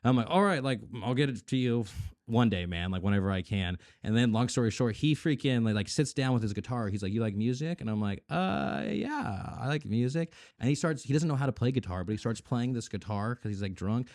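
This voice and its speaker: A man's voice: lowish voice, quick pace, darkish tone, dry recording, clean studio sound. A young man on a podcast telling a long story in casual chat, acting out the voices of the people in it, swearing and laughing often. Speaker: podcast guest.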